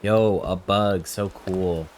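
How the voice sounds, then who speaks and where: A young man with a very low-pitched voice hosts a live game stream. He rambles and jokes with his viewers as he reacts to chat. Game music plays clearly behind him the whole time. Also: steady tone, slow pace.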